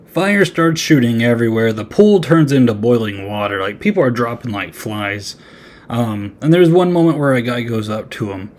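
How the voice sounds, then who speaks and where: Casual male podcast host, average-pitched voice, loose and rambling recap style. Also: normal speed, a little mellow. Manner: loose, filler-heavy, rambling. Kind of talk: casual movie review.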